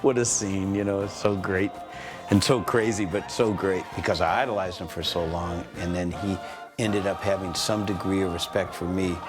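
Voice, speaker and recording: A man in his sixties, a composer recounting a studio session in an animated, rambling way. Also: deep voice, normal speed, music in the background. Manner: animated storyteller, full of "you know" and "man". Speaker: composer telling a story. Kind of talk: anecdotal interview.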